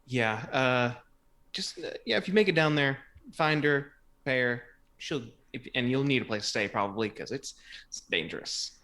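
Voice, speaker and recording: A man doing a cagey tavern contact in a tabletop game, his voice sitting at a middling pitch, halting and hedging through every sentence with pauses and fillers. He sounds like an ordinary, unpolished man. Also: lively intonation, bright, forceful tone. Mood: cautious. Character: hesitant male tavern contact.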